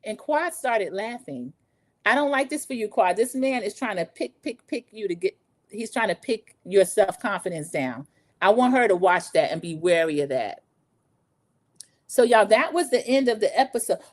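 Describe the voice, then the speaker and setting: A woman in her forties hosting a casual livestream recap, gossipy and animated, talking straight to her viewers. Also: mid-range voice, moderate pace. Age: 40s. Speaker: show recap host.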